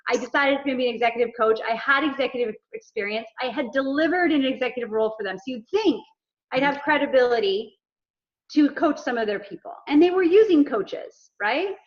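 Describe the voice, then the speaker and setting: A woman's voice: high-pitched, a little fast. A woman, an executive coach, talking in a casual interview and telling stories with acted-out dialogue. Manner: animated storyteller acting out dialogue. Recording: dull lo-fi sound.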